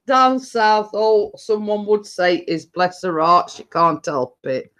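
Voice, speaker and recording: A middle-aged woman with a mid-range, slightly bright voice reads chat names to her live stream viewers. She keeps things casual, laughs a lot, and trips over words, often starting sentences over.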